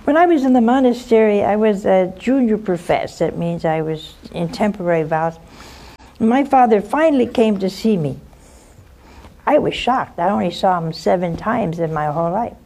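A woman's voice: medium pitch, animated, normal speed, dark tone. An older woman, a nun, gives advice to a caller and tells stories from her own life in an earnest, direct way, often ending a point with "huh?" or "see?". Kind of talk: advice talk with personal storytelling.

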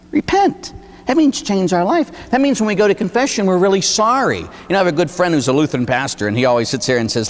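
A man's voice: high voice, fast. A man preaching a sermon as a Catholic priest, telling stories and acting out dialogue. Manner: animated storytelling, acts out dialogue, tags lines with "huh?". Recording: faint noise, long hall reverb.

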